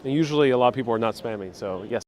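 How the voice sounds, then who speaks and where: A man's voice: mid-range voice, very fast, darkish tone. Chatty man live-streaming a city walk. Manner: chatty, answers viewers' questions as he walks. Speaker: travel vlogger. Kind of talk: live-stream walking tour, reading chat aloud. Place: outdoors on a busy old-town street. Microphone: phone held while walking. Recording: faint street noise and traffic.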